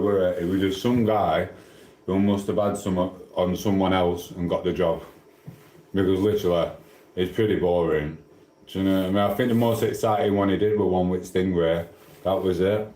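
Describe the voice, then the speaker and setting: Fairly low and a little mellow, the voice belongs to a middle-aged man from Sheffield, England. He chats cheekily and rambles while answering his livestream chat, swearing offhandedly, and the room has an echo.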